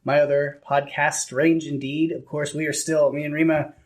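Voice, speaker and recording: A man's voice: on the high side, flat delivery, normal speed. A man co-hosting a podcast, chatting casually and thanking a listener for his feedback. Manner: upbeat, warm thanks to listeners. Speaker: podcast co-host.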